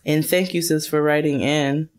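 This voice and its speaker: A woman's voice: low-pitched, fairly even intonation, normal speed, a little mellow. A woman co-hosting a podcast, playfully reading listener emails aloud and joking around. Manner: playful, laughs often, jokes while reading. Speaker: podcast co-host.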